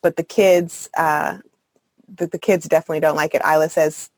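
Low, husky-voiced woman talking candidly. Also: fairly even intonation, normal speed, no echo. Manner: earnest, candid, many fillers and soft laughs. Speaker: podcast guest, mother of three. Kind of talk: casual reflective conversation.

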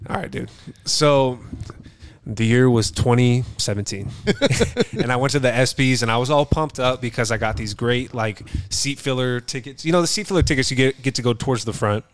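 A man's voice: mid-range voice, expressive, normal speed, dry recording. A young man co-hosting a podcast, telling an anecdote in laid-back, profane casual chat. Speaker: podcast co-host, son.

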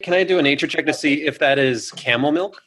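A man's voice: fairly high pitch, fairly quick, background noise. A man at a tabletop game speaking casually. He asks questions about the scene and calls out his dice results. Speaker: player.

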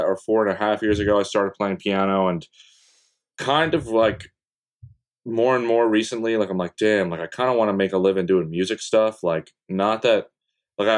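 Young dude w a low voice, chill rambly podcast guest, swears casually, lots of "like". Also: male voice. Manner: laid-back, rambling, swears casually, many fillers. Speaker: podcast guest, content creator. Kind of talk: casual interview chat.

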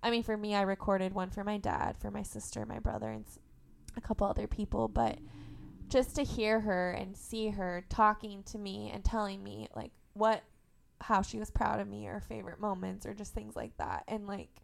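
A young woman from Indiana, a podcast guest in casual conversation, telling lively stories about her family and laughing often. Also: medium pitch, normal speed, vocal fry. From Indiana, USA. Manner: animated storyteller, laughs often. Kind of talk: casual interview chat.

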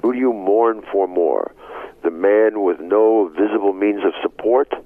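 A man, an actor guest in an interview, talking in an expressive, rambling way that swings between loud excitement and low murmurs. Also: unhurried, no room sound. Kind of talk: animated interview talk. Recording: tinny phone line.

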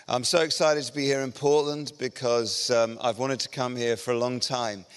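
A man's voice: mid-range voice, moderate pace, smooth. English man preaching in a reverberant hall. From England. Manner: self-deprecating, joking and energetic. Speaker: guest preacher. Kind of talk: sermon. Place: large church auditorium. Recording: long church hall reverb.

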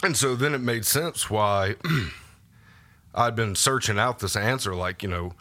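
Low-voiced man telling his faith story. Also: takes it slowly, sharp tone. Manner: informal storytelling with many fillers and restarts. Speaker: guest. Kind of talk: personal testimony in a podcast interview. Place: podcast studio.

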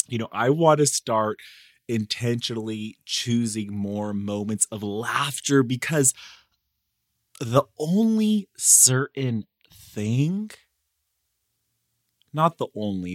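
A man's voice: medium pitch, very animated, takes it slowly, dry recording, clean studio sound. A man hosting a casual solo podcast from a living room armchair, talking candidly and reflectively with playful slang. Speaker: podcast host. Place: living room, in a comfy chair.

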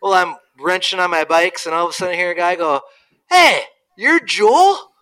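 Easygoing man, bright voice. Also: high voice, level tone, quick pace, clean tone, low-quality recording. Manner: self-deprecating, easygoing. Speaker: podcast co-host. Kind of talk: casual podcast chat.

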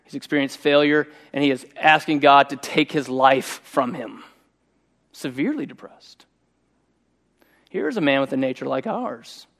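A middle-aged man preaching a sermon, telling a personal story in a conversational, animated way. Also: mid-range voice, moderate pace, gravelly. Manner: conversational and animated, voicing quoted speech. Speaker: pastor.

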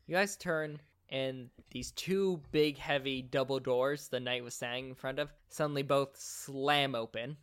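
A man narrating as game master of a tabletop game, in a relaxed, conversational way with fillers. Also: mid-range voice, a little slow, few pauses, clean tone.

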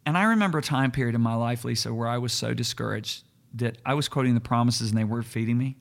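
A man co-hosting a faith podcast, telling Bible stories in an earnest, animated way with frequent restarts. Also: mid-range voice, quick pace, vocal fry. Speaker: co-host. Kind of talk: casual Bible teaching chat.

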